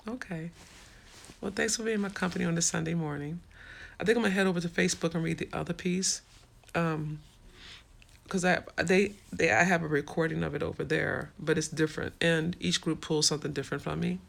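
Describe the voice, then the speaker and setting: A woman's voice: lowish voice, steady tone, a little fast, creaky. A woman hosting a casual livestream, frankly answering viewer comments in a streetwise way. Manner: frank and streetwise, swears freely. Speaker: livestream host.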